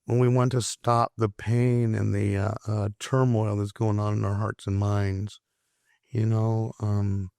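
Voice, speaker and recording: A man's voice: fairly low pitch, flat delivery, unhurried, gravelly, dark tone, no echo, studio quality. Frank, impassioned man telling a story. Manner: frank and impassioned, repeats words as he searches for them. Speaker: recovery counselor guest. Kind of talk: earnest conversational storytelling.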